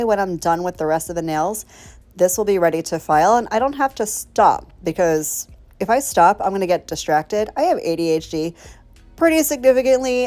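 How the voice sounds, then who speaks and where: A woman's voice: fairly low pitch, darkish tone. A woman chatting through a nail tutorial in a bubbly, rambling way, talking straight to her viewers. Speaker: nail art creator.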